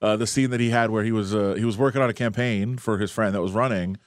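Quick-talking male sports reporter. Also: fairly low pitch, steady tone, dry recording, clean studio sound. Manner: rambling, laughing, halting restarts. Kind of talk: casual sports talk banter.

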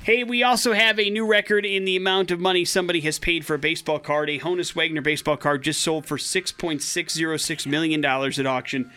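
A man co-hosting a morning radio show, chatting casually and excitably with plenty of fillers. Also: a little high, quick pace, few pauses.

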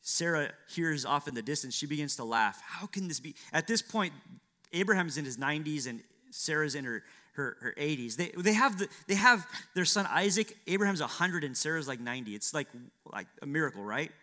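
A man's voice: a little high, lively intonation, fairly quick, bright, forceful tone. A man preaching a sermon, acting out biblical dialogue with dramatic shifts and asking rhetorical questions.

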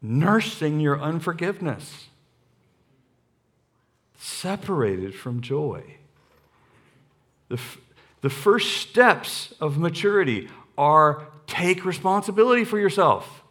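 A middle-aged man preaching a sermon as a guest speaker in a church, lively and joking, repeating lines for emphasis into a stage microphone. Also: fairly high pitch, takes it slowly, long pauses. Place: church sanctuary.

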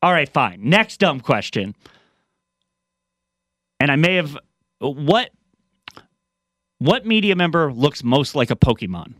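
A man's voice: on the high side, very animated, slow, pauses often, a bit bright, no echo. Young man from Tennessee and Missouri, rambling radio producer, dry close mic. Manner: rambling, hesitant, self-interrupting. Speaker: radio show producer asking questions. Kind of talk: casual sports radio banter. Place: radio studio. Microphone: studio mic.

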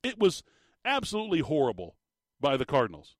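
A man's voice: a little high, big pitch swings, normal speed, dry recording. A man hosting a sports talk show, ranting with exasperation and emphatic repetition about a football team's blunders. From Arizona. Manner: exasperated, emphatic, repeats words. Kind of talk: animated sports commentary rant.

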